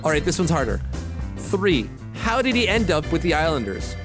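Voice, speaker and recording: A man co-hosting a casual sports podcast, chatty and quick to laugh. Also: fairly high pitch, very animated, music in the background. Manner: chatty, laughs easily, quizzing his co-host. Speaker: podcast co-host.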